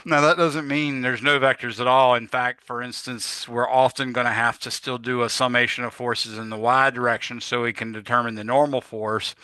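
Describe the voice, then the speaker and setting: Bright, crisp-voiced male physics lecturer. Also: mid-range voice, no room sound. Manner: rambling, self-correcting, relaxed with filler words. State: yawning, a bit tired. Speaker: physics instructor. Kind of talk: casual classroom lecture.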